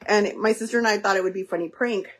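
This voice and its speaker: Cooking dinner on a livestream, a mother talks straight to her viewers at a quick pace, her voice medium in pitch. The chat is casual and full of fillers.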